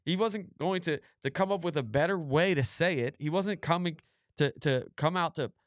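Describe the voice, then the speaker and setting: A man's voice: on the high side, moderate pace, no echo, studio quality. Emphatic man preaching on a podcast. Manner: emphatic, repeats phrases for emphasis. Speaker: podcast host. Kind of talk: preachy commentary with scripture reading.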